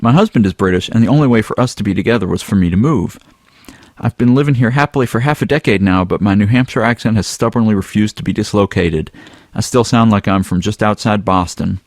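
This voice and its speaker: A man hosting a casual podcast, reading a listener's email aloud in a relaxed, rambling way. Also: fairly low pitch, fast, dry recording. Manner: relaxed, rambling, with some filler words. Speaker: podcast host.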